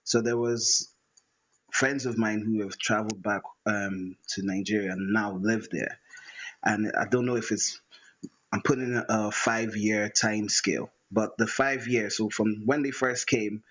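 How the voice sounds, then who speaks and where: A man, a writer-musician talking reflectively in a conversation and pausing often with fillers. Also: on the low side, steady tone, fairly bright tone, husky, rough recording. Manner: hesitant, many fillers and restarts.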